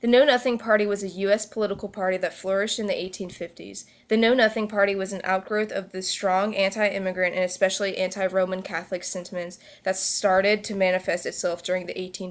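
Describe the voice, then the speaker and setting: A woman reading a history report aloud for a class project, stumbling and restarting words now and then. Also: mid-range voice. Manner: reads aloud with occasional slips and restarts. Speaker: student presenter.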